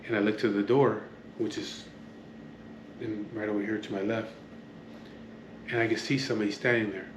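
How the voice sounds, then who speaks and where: Low-voiced man rambling in an echoey room. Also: flat delivery, normal speed, pauses often, background noise. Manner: rambling, swears often, trails off into asides. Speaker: vlogger. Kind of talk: casual storytelling to camera. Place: at home, near an open door to the street.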